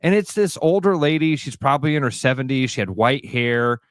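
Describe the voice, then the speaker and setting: A man's voice: medium pitch, fairly quick, dry recording, studio quality. A radio co-host, a man, telling stories in casual morning banter and acting out the people in them. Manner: animated storyteller, acts out quotes.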